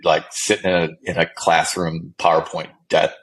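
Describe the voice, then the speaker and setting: A middle-aged man with a very low voice talks as a podcast guest about his service years. He rambles and restarts often, swears now and then, and keeps a casual, storytelling tone. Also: completely flat delivery, moderate pace, fairly bright tone, rough recording. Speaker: guest, former special forces medic.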